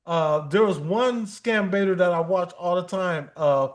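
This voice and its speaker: Man, high voice, casual livestream chat, jokey storyteller, laughs a lot. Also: unhurried. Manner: jokey storyteller, imitates callers, laughs often. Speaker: livestream co-host.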